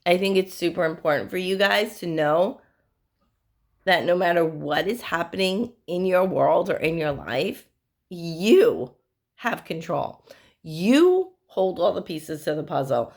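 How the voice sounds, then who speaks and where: A woman's voice: lowish voice, animated, a little slow, darkish tone. A woman psychic medium giving spiritual advice to her viewers, telling stories in an earnest, direct way. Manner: earnest, storytelling, direct address.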